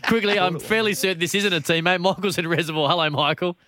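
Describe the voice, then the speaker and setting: A man hosting a sports talk radio show, brisk and upbeat as he takes callers. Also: sits high, pushed and bright. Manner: brisk, upbeat, reading out phone numbers. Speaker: radio host. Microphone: studio mic.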